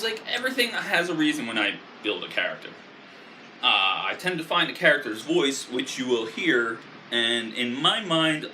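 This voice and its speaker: A man's voice: mid-range voice, bright, forceful tone, a little hiss or hum. A man casually explaining a tabletop game character build, rambling with many fillers. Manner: loose and rambling, with frequent fillers. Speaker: video creator.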